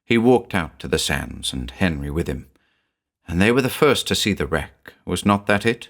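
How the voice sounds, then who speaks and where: A man doing a hushed, uneasy village mother. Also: low-pitched, lively intonation, normal speed, exaggerated voice. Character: anxious village mother telling of a beast.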